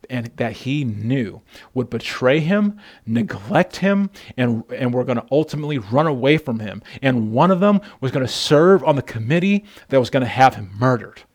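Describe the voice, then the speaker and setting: A man preaching a sermon who speaks emphatically and calls out directly to his congregation. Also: fairly high pitch. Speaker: pastor.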